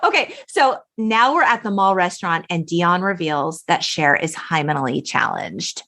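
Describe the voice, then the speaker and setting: A woman in her forties hosting a podcast, recapping a film in animated casual chat, quoting characters and laughing often. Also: lowish voice, normal speed. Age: 40s. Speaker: podcast host.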